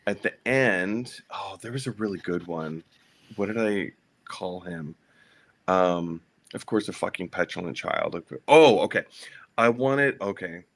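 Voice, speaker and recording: A man telling a story in casual livestream chat, halting and profane as he goes. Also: sits low, lively intonation.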